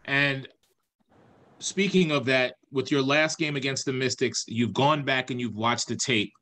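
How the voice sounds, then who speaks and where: A male reporter puts questions to a coach at a press conference, polite and formal, addressing him as sir. His voice is mid-pitched and plain. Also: a little slow, pushed and bright.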